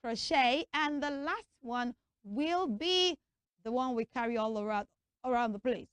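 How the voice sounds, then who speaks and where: A woman's voice: a little high, a little slow, clear, resonant tone, no room sound, studio quality. Woman teaching kids pronunciation. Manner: lively, coaxing call-and-response teaching. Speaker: children's TV presenter. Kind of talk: pronunciation lesson for children.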